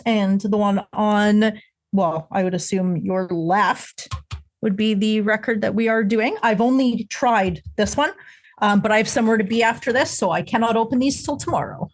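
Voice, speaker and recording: A woman's voice: medium pitch, unhurried. A young woman co-hosting a music podcast, chatting casually and giving blunt, matter-of-fact opinions. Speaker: podcast co-host. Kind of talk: casual chat.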